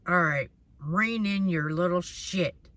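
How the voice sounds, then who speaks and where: In a casual tarot reading, an exasperated male God, put on by a woman, swears and barks short commands over and over. The voice sits low and moves slowly, blunt and fed up. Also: a bit bright, dry recording. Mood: stern. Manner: curses bluntly, repeats short orders. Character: angry fed-up male God, stern and profane.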